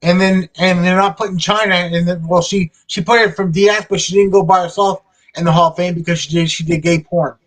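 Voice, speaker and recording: A man's voice: sits high, steady tone, brisk, fairly bright tone. A man chatting casually on a panel, speaking bluntly about what he thinks. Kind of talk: casual chat.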